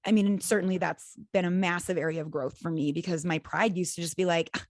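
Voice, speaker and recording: A middle-aged woman co-hosting a casual faith podcast, animated and laughing often as she tells stories. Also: lowish voice, fast, no room sound, studio quality. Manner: animated, laughs often, acts out quoted voices. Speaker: podcast co-host. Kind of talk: casual chat.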